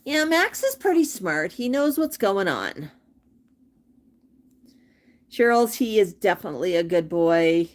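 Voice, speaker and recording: A woman's voice: mid-range voice, very animated, unhurried, pauses often. Chatty woman reading livestream comments. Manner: sing-song baby talk to her bird, then chatty comment reading. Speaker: pet parrot channel host. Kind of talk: casual livestream chat.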